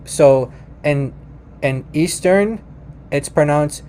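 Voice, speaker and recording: Speaking at a normal pace, this man has a warm, mid-range voice, and there's slight hiss or hum in the recording. He's an informal language teacher who addresses his audience as "you guys" and frequently starts his sentences over.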